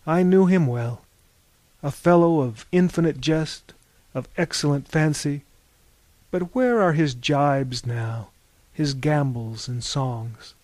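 A man reading aloud, voicing a gentle, bewildered male captain who speaks in a bemused, mock-theatrical way. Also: a little high, slow pace, no echo.

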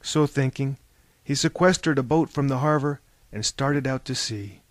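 A man reading a novel aloud as narrator, in measured storytelling that turns theatrical in the dialogue. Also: mid-range voice, no echo. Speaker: audiobook narrator. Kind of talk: scripted narration.

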